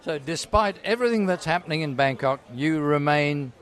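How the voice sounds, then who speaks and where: A man co-hosting a casual show, speaking in a brisk, cheerful way. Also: fairly high pitch, expressive, fairly bright tone. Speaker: co-host.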